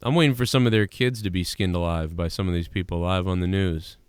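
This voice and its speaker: Hosting a live talk show, a man rants crudely and mimics voices while telling stories in casual banter. His voice is low, fast and smooth, captured in a clean studio with no echo.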